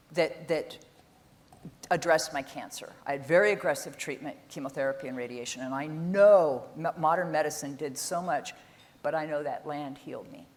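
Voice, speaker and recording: Animated woman giving a keynote talk. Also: low voice. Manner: animated, exasperated, rising loudly when making a point. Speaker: keynote speaker. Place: conference stage.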